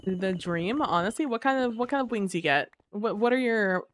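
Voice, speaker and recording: A woman streaming a game live, chatting casually with her viewers while she plays, sleepy and relaxed. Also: mid-range voice, normal speed, a little hiss or hum. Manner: relaxed, chatty, muses aloud to chat. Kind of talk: casual live gameplay chat.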